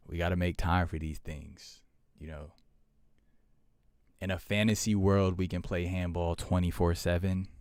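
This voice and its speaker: A man's voice: low voice, darkish tone, clean tone, dry recording. A young man hosting a livestream, chatting casually with viewers and repeating himself in a laid-back way. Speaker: livestream host.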